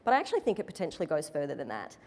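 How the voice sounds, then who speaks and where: A woman executive speaking on a conference panel, in a measured, careful corporate manner. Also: sits low, huge pitch swings, darkish tone. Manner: measured, corporate, careful to avoid direct answers. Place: conference stage before an audience. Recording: reverberant conference hall.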